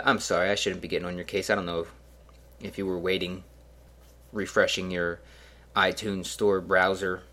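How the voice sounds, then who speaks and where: A man's voice: fairly low pitch, sharp tone. A young man hosting a casual solo podcast, rambling through a story with self-mocking, sarcastic asides. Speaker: podcast host.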